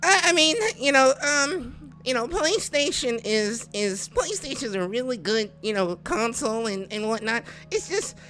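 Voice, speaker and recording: A man doing a whiny, nerdy male gamer who complains haltingly, full of fillers. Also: very high voice, big pitch swings, pushed and bright, soft background music, pitched above the performer's own voice, exaggerated voice.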